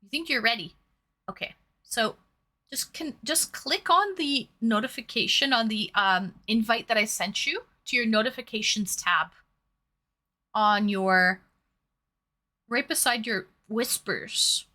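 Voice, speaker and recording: A woman's voice: fairly high pitch, a little slow, sharp tone. A woman with a mild Toronto Canadian accent, chatting casually with viewers as a livestream host. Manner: chatty, addresses viewers directly. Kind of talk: casual chat.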